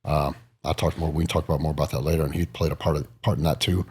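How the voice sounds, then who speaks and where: A bodybuilder in his forties, appearing as a guest in a casual storytelling interview, tells stories quickly in a husky, low voice. He's an animated storyteller who acts out the voices he quotes.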